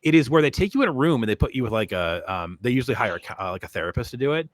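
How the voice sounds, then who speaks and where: A man's voice: mid-range voice, animated, racing. A man co-hosting a podcast, telling stories in casual chat with lots of fillers. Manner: rambling storyteller, many fillers. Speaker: podcast co-host.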